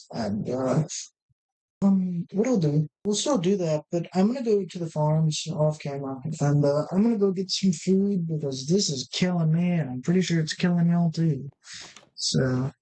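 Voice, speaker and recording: Gameplay commentary host, casual, rambling, talks straight to viewers, mid-pitched voice. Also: dark tone, low-quality recording. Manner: rambling, thinks aloud with many restarts. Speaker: Minecraft let's-play host.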